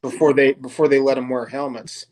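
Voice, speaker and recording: A man's voice: mid-range voice, little pitch movement, a little fast, noisy background. A laid-back man chatting casually, slangy and peppering his talk with "man" and "dude". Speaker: co-host of snake live stream. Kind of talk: casual chat.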